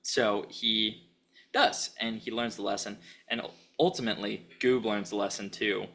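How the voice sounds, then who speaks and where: Gravelly-voiced man gushing on a podcast. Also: fairly low pitch, a bit bright. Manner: enthusiastic, giggly, rambling with restarts. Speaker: podcast co-host. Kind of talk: casual chat.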